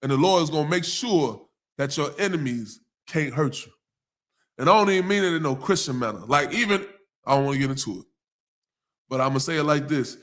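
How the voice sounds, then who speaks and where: A man with a Southern US accent teaching scripture on a live stream, mixing casual slang and laughter with slow verse readings. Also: fairly high pitch, lively intonation, a bit bright. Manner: casual street slang, laughs often, reads verses slowly.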